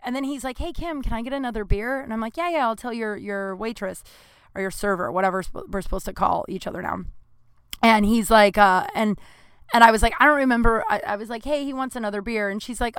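Young woman comic rambling thru a story, smooth voice, dry close sound. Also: on the high side, brisk, a bit bright, no echo. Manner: chatty, rambling, self-deprecating asides. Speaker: comedian.

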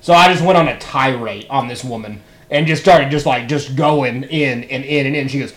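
A man hosting a podcast, telling rowdy stories in quick, profane bursts. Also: mid-range voice. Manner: rapid, profane, animated storyteller. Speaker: podcast host. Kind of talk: casual storytelling chat.

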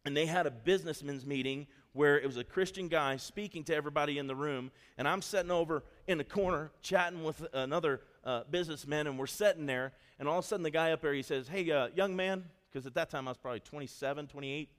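A man preaching a sermon as a pastor, telling stories in an animated way and acting out the quotes in them. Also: fairly high pitch, fast, few pauses. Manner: animated storytelling, acts out quotes. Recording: long hall reverb.

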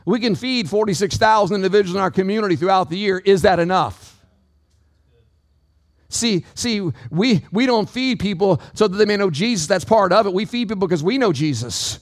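High-voiced man preaching a sermon. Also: animated, brisk, no echo, studio quality. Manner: preaching with call-outs to the congregation; dynamic delivery, swinging pitch and pace. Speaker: pastor.

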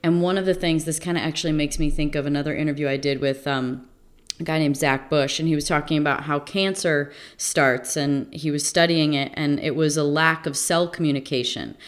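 A woman's voice: low-pitched, steady tone, brisk. A woman interviewing a guest in a casual conversation, reflective and rambling, with many fillers.

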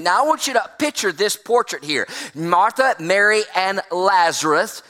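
A man's voice: sits high, expressive, unhurried, few pauses, pushed and bright. A man preaching a sermon as pastor, folksy and emphatic, stretching out key words. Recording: long hall reverb.

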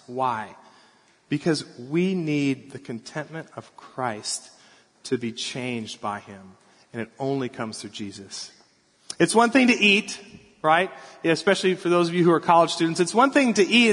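A man in his thirties preaching a sermon as pastor, telling stories about his kids in an animated way. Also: a little high, moderate pace. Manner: storytelling, animated, acts out crying kids. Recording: long hall reverb.

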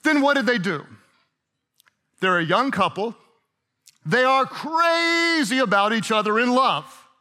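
A man's voice: very high-pitched, animated, measured pace, pauses often, sharp tone. A middle-aged man preaching a sermon, retelling a story in a playful, chatty way and laughing often. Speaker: pastor.

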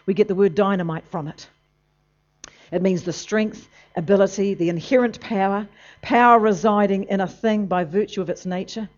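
A preacher delivering a sermon emphatically, moving between loud bursts and low, intense passages. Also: fairly even intonation, normal speed. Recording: dull lo-fi recording.

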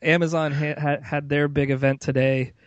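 A man's voice: on the high side, level tone, normal speed, no echo, lo-fi sound. Chatty man hosting a tech podcast. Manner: chatty, rambling, with many fillers and restarts. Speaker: podcast host. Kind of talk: casual tech podcast chat.

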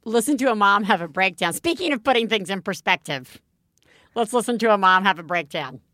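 A woman's voice: mid-range voice, lively intonation, a little fast, pushed and bright, no echo, clean studio sound. A woman podcast host chatting casually and enthusiastically, with lots of fillers. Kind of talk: casual chat.

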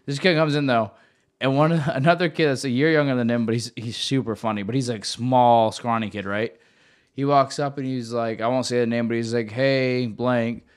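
A man's voice: medium pitch, steady tone, moderate pace. A young man co-hosting a podcast, telling a story in rambling casual chat with many restarts. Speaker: podcast co-host.

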